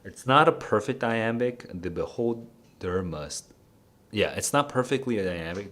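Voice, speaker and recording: A young man solving test questions aloud as a tutor streamer, laughing often, muttering as he reads and exclaiming "dude". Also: deep voice.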